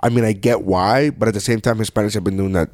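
A man's voice: on the low side, fairly even intonation, fast talker, darkish tone, no echo. A man hosting a podcast in casual chat, blunt and joking, often talking over his guest. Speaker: podcast host.

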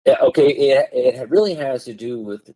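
A man's voice: mid-range voice, lively intonation, normal speed, mellow, dry recording, poor audio. A man as a podcast guest, explaining legal texts and reading them aloud, stressing key words with marked tone changes. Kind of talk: explaining law in a podcast conversation.

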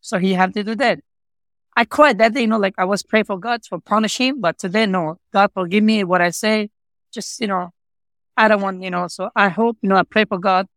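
A man's voice: sits high, steady tone, brisk, fairly bright tone, dry recording. Man, broken non-native English, earnest and repetitive, heavy fillers, dry close sound. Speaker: interview guest, pizza shop owner. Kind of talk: emotional personal storytelling.

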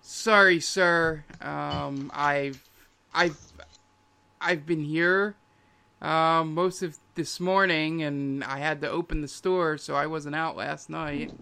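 Man playing teenage shop girl, bored, flat, dismissive, bright tone. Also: fairly high pitch, takes it slowly, vocal fry, clear, resonant tone, exaggerated voice. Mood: apologetic.

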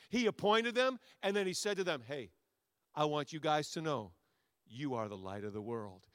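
A man, a pastor, preaching a sermon to his congregation, with a repetitive, rousing cadence that swings between loud soaring lines and quiet asides. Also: high-pitched, clear, resonant tone, dry recording, studio quality. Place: church sanctuary before a congregation.

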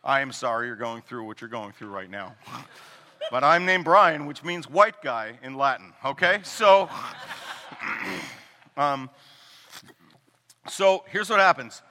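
Lively joking male pastor, echoing hall. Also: medium pitch, slow, pauses often. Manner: animated and joking, acting out quoted people. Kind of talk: sermon. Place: church sanctuary. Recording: long hall reverb.

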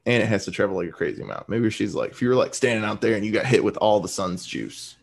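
A man's voice: on the low side, quick pace, gravelly, breathy edge. A man co-hosting a podcast in casual chat, talking loosely with many filler words. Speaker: podcast co-host.

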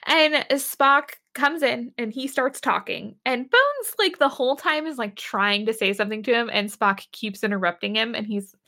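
A woman's voice: a little high, lively intonation, moderate pace, few pauses, pushed and bright. A woman casually recapping a TV episode as a podcast co-host, telling it animatedly with acted quotes.

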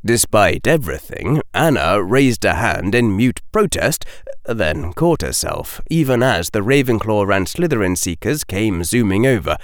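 A man narrating an audiobook in an expressive, dramatic manner. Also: fairly low pitch, a little slow, dry recording, clean studio sound.

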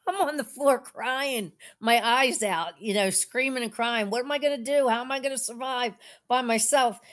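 A woman's voice: a little high, a bit bright. A middle-aged woman on a call-in faith program, telling a personal story in a rambling, tender, meandering way. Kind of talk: casual emotional storytelling.

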